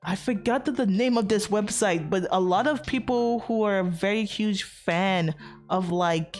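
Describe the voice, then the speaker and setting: A woman's voice: medium pitch, a little slow, a little mellow, faint music behind. A woman streamer chatting casually to her viewers, rambling with many fillers and frequent swearing, from outside America. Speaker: VTuber streamer.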